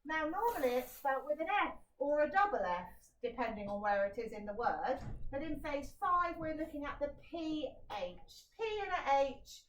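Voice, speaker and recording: A woman teaching a phonics lesson to young children, sounding out words slowly and praising them. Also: high-pitched, expressive, fairly bright tone. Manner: encouraging, sounds out words syllable by syllable. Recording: echoey room, voice a little far from the mic.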